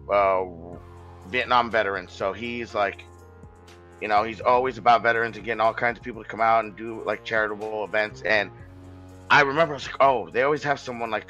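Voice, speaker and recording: A man's voice: medium pitch, bright, forceful tone, lo-fi sound. A man telling a long story in a casual podcast chat, rambling, swearing and restarting his sentences.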